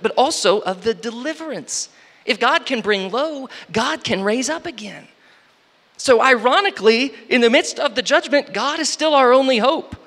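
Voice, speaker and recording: High-voiced man preaching in a reverberant hall. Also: pushed and bright. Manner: reads scripture slowly, then explains with rising emphasis and repeated restarts. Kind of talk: sermon.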